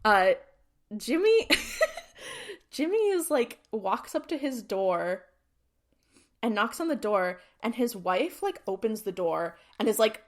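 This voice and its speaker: This is a woman co-hosting a podcast in a loose, casual recap style. She retells scenes beat by beat, slipping into each character's lines with many filler "likes". Her voice sits in an ordinary middle pitch. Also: animated, measured pace. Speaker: podcast co-host. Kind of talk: casual chat recapping a TV episode.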